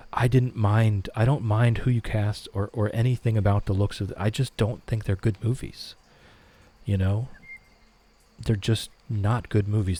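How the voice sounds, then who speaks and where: A middle-aged man hosting a relaxed live stream, reading viewer comments aloud and answering them. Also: lowish voice.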